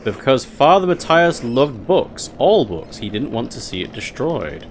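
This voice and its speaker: A man reading aloud the lines of a guarded woman librarian of a convent, in a measured, matter-of-fact way. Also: medium pitch, very animated, a little hiss or hum.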